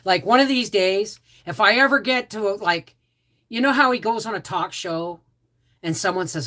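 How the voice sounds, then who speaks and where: A woman's voice: mid-range voice, moderate pace, bright, forceful tone. A woman hosting a casual livestream, rambling with frequent restarts and asides. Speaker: homestead channel host.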